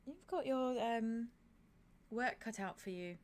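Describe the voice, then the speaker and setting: A woman voicing a shrewd, wary grandmother and clever female politician in a tabletop role-play, with a dry, measured, slightly formal way of talking. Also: on the high side, a little mellow. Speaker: player voicing a grandmother character.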